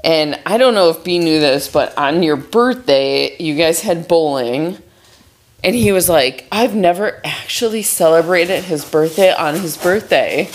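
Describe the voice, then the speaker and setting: A woman's voice: deep voice, expressive, a little slow. A woman co-hosting a podcast in casual chat, laughing easily as she talks. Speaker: podcast co-host.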